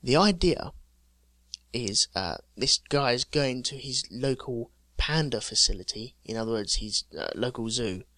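A man's voice: mid-range voice, animated, a little slow, pushed and bright, no echo. Jokey man telling odd news. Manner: jokey storyteller, reading out news items with chuckles. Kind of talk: casual chat.

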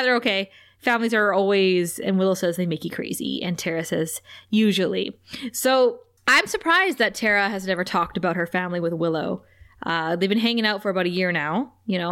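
A woman's voice: mid-range voice, fairly bright tone. A woman co-hosting a casual podcast, recapping an episode and laughing often as she retells the scenes. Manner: laughs often, acts out quotes loosely. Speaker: podcast co-host.

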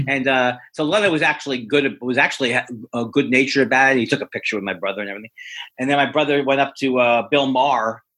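A comedian, a man, telling a rambling, self-deprecating story with many halting restarts. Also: medium pitch, fairly bright tone. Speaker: stand-up comedian, guest. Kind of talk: anecdotal storytelling.

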